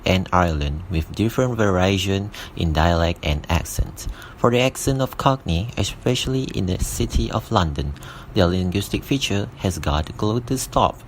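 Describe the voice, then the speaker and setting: Deep-voiced young man reading notes. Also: slight background noise, rough recording. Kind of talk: read-aloud class presentation.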